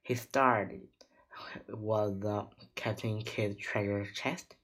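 A reader slowly reading a children's chapter book aloud, stumbling over words now and then. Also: medium pitch, steady tone, fairly bright tone, low-quality recording. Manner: slow, halting reading with slips.

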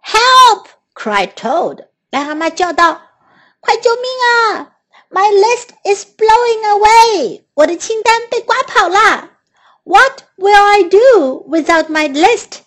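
A woman's voice: animated, slow pace. A woman voicing a fussy, fretful male toad in a children's storybook, anxious and wailing, with a Mandarin Chinese accent. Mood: panicked. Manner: anxious, high-pitched and wailing.

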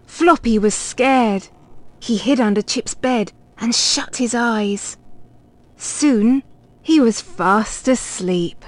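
Reader: woman, children's picture book read-aloud, unhurried, slightly high voice. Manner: clear, expressive read-aloud. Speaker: storybook reader.

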